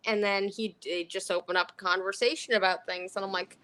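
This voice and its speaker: A woman's voice: mid-range voice, brisk, few pauses. A woman, a former dietary aide, chatting casually and telling stories with frequent laughter. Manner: lively storyteller who laughs often. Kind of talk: casual chat.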